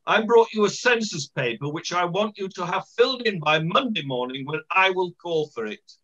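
A pompous, posh census official, as a man puts him on over a video call, speaks in a raised, bright and formal tone. The sound is dull and lo-fi. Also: sits high, expressive, normal speed. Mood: officious.

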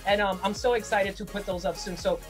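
A woman's voice: mid-range voice, fairly even intonation, a little fast, soft background music. Playful woman interview host. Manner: upbeat, playful questioning. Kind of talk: casual interview.

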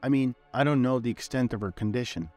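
A man's voice: medium pitch, fast, a little mellow, soft background music, close to an everyday voice. Male narrator as remorseful middle-aged father, earnest and pleading, storybook read. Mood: regretful. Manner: pleading, sincere. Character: gentle middle-aged man, regretful father.

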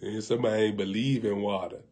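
A man preaching on a live broadcast, telling a funny story in a colloquial way. He laughs at his own jokes and swings between loud bursts and hushed asides. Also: fairly low pitch, fairly even intonation, fast. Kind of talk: humorous sermon storytelling.

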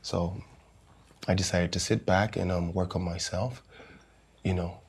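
Man playing a calm, encouraging actor. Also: low voice, a little slow, slightly rough, full character voice. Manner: calm, reassuring, casual American-style slang. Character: famous male actor visiting, encouraging mentor. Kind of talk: comedy series acting.

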